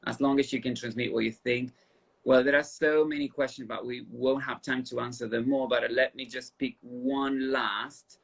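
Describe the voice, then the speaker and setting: A man's voice: medium pitch, steady tone, moderate pace, vocal fry. A man with an Argentinian accent, a language teacher eagerly chatting on a live video call and reading out viewer questions. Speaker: language teacher, didactics specialist. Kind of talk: live online chat.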